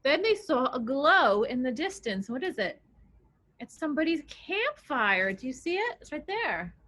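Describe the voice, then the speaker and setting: Woman, children's storytime reader, bright, sweeping pitch, coaxing questions. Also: very animated, moderate pace. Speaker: children's librarian. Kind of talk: storytime read-aloud for young children. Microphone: video recording.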